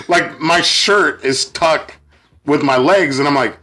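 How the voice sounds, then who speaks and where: A young man co-hosting a podcast, telling a story in casual chat, animated and laughing through it as he acts out quotes. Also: a little high, takes it slowly, breathy edge, faint music behind. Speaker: podcast co-host.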